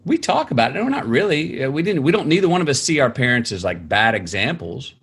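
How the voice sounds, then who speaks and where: A husky-voiced man recalls his upbringing in conversation. His pitch leaps and dips as he acts out relatives, and between quotes he stops and restarts sentences while he searches for words. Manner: halting, many restarts, animated quoting of family. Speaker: interview guest, author. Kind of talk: conversational storytelling.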